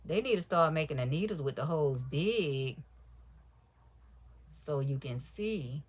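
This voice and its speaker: Soft-spoken low-voiced woman crafting live. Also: animated, unhurried, long pauses, husky. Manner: talks low and soft on purpose; chatty, addresses viewers as y'all and baby. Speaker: livestream crafter. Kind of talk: casual livestream chat while sewing.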